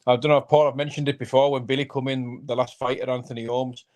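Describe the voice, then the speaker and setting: A man speaks as a guest on a live chat. He is a fighter and talks in an intense, fired-up, sweary way. His voice sits in a middle pitch. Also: level tone, fast, a little mellow. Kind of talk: casual live-stream chat.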